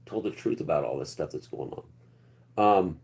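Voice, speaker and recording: Deep-voiced man in his fifties rambling to live chat. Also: lively intonation, moderate pace, vocal fry, darkish tone. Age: 50s. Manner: rambling, talks straight to chat, trails off into low mutters. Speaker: livestream host.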